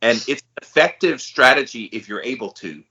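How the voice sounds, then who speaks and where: A man co-hosting a podcast, talking in a relaxed, candid, slangy way in casual chat. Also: medium pitch, a little fast, breathy edge, dull audio. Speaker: podcast co-host.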